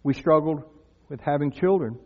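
A man's voice: a little high, normal speed. Older man, pastor, sermon, earnest, conversational, thin phone-like audio, long church reverb. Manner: earnest, conversational, swells loud when crying out. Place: church sanctuary.

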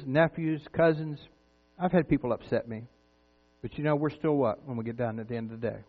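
A preacher, a man in his fifties or older, giving an earnest, conversational sermon full of rhetorical questions. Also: mid-range voice. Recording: tinny phone-like sound with mains hum.

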